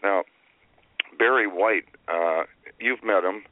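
Male host, low voice, easygoing rambling questions; dry, band-limited phone-line audio. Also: slow, no room sound. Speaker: radio show host. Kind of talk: casual radio chat. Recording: dry, phone-like narrow sound.

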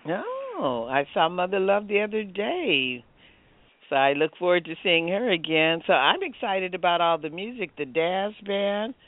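A woman's voice: lowish voice, big pitch swings, measured pace, no echo. Woman co-host on a thin phone line. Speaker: radio co-host. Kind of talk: casual radio chat. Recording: dry, phone-like narrow sound.

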